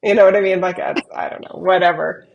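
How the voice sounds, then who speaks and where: A middle-aged woman in casual podcast conversation, playful and quick to laugh. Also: fairly low pitch, steady tone, vocal fry, dull audio. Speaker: podcast guest. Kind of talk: casual chat.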